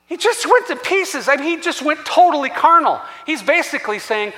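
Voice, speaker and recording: High, lively-voiced preaching man. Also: normal speed, few pauses. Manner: animated, acts out scripture voices. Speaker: pastor. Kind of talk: sermon. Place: church sanctuary. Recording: long church-hall reverb.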